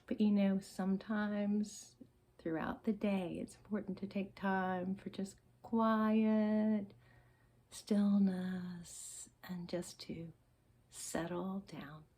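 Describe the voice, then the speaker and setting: A woman guides little children through a quiet relaxation session, speaking at a very slow, unhurried pace. Her voice is mellow and a little breathy, with frequent sighs, yawns and soft whispers. She stays gentle and hushed throughout. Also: medium pitch, steady tone. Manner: slow, soft, sighing and yawning, drifting into whispers. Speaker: children's calm-time presenter. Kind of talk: soothing children's relaxation lesson.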